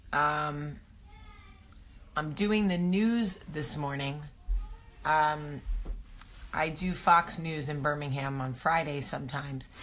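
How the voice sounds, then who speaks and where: A woman's voice: sits low, a bit bright, a little hiss or hum. A woman from New Jersey with a New Jersey accent, hosting a casual morning vlog in a chatty, rambling, self-mocking way. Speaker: vlog host. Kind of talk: casual morning chat to camera.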